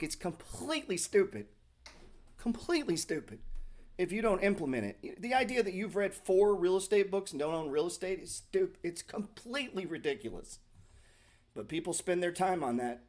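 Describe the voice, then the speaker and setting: Middle-aged male host, slightly higher voice, blunt, profane, sarcastic, unscripted market chat. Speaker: stock market show host. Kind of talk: casual livestream talk.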